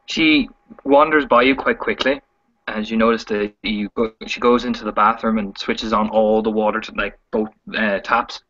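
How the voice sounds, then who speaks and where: A man narrating a tabletop role-playing game as game master, describing scenes in a halting way with fillers. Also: fairly low pitch, fairly even intonation, fairly bright tone, lo-fi sound.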